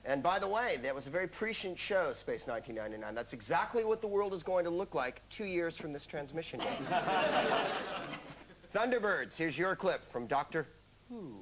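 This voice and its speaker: A man's voice: a little high, very animated, moderate pace. A man hosting a comic quiz show, delivering scripted jokes with a wry punchline style. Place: TV studio with a live audience. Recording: broadcast studio with loud audience noise.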